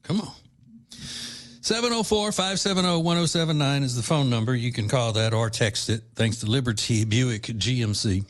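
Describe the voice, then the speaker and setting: A man's voice: mid-range voice, brisk, hardly any pauses. A man hosting a talk radio show from a studio, teasing and chuckling in a casual way.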